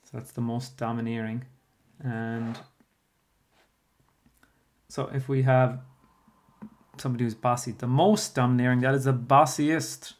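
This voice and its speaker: Patient teacher explaining spelling. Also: male voice, mid-range voice, steady tone, unhurried, pauses often. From Ireland. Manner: patient and explanatory, with frequent fillers. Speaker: primary school teacher. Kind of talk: recorded spelling lesson explaining a workbook.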